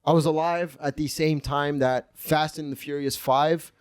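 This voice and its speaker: A man hosts a comedy podcast. His voice sits a little high, and he rambles through crude, swear-filled stories in an offhand, casual way. The recording is close and dry. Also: steady tone, moderate pace, clear, resonant tone, dry recording. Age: 20s. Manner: crude, profane, rambling storytelling. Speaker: podcast host.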